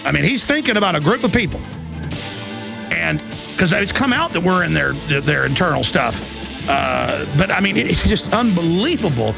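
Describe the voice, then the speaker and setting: Gravelly, ranting male radio host. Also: a little high, sing-song, moderate pace, over music. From Texas. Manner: loud, impassioned, mocking impressions. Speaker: radio talk show host. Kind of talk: ranting political radio monologue.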